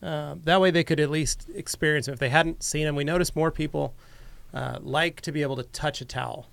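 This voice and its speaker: A man's voice: fairly high pitch, steady tone, fairly quick, gravelly, fairly bright tone, no room sound. A man co-hosting a podcast, telling an easygoing story in casual chat with lots of fillers. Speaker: podcast co-host.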